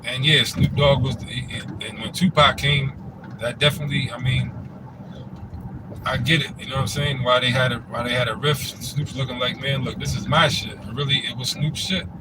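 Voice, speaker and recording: A man's voice: medium pitch, fairly even intonation, normal speed, background noise. A man in a casual commentary monologue, laid-back and rambling, with the loose phrasing of a host talking to his channel. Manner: laid-back, rambling, frequent "you know what I'm saying".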